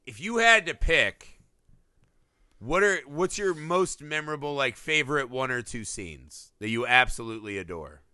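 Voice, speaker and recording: A man's voice: medium pitch, normal speed, no echo, clean studio sound. A man in a casual film discussion, talking animatedly and acting out lines from scenes. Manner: animated, acts out movie lines.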